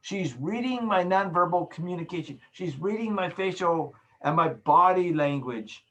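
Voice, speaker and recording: A man's voice: high-pitched, lively intonation, normal speed, fairly bright tone. A man lecturing in a recorded video session, emphatic, repeating his key phrases and acting out small examples. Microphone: video call.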